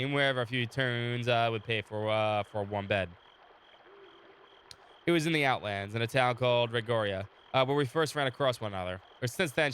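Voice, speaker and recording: A man's voice: mid-range voice, a bit bright, slight background noise. A man with a sore throat chatting casually on a live game stream and reading the game's story text aloud. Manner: chatty, talks to chat between readings, laughs often. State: sore throat, recovering from illness.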